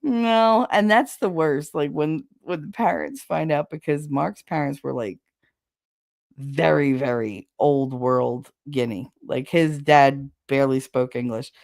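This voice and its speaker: A woman's voice: low-pitched, measured pace, creaky, darkish tone, dry recording, studio quality. A woman hosting a podcast, telling gossipy, frank family stories in a casual chat and laughing often. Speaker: podcast host.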